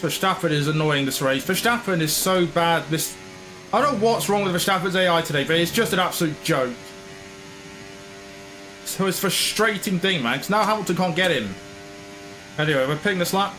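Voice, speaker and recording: High-voiced man ranting over a race game. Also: lively intonation, a little fast, bright, forceful tone, slight background noise. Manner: frustrated, ranting. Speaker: gaming channel host. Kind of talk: live game commentary.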